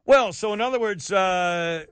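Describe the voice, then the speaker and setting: A man hosting a talk radio show, ranting with sarcasm and indignation, swinging between loud outbursts and low asides. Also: measured pace, smooth, no room sound. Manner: indignant, sarcastic, rants loudly then drops low. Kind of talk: opinionated talk radio monologue.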